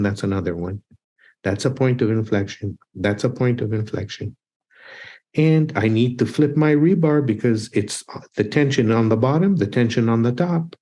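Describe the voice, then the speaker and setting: Male instructor with a warm, mellow voice, lecturing with emphatic repetition. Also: mid-range voice. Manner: emphatic and repetitive, drills points. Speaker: architecture exam prep instructor.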